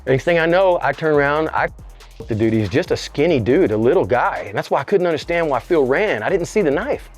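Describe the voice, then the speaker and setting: Animated, cursing man telling a story. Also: fast talker, soft background music. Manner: animated, profane, voice jumps high when reenacting. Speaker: interview guest. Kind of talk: casual storytelling.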